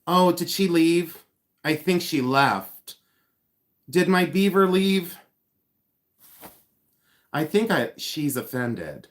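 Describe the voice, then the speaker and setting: His voice is a little high and animated, slow in pace with frequent pauses. A man in his fifties, he hosts a casual livestream where he teases viewers by name, mocks himself, and hums and scats tunes.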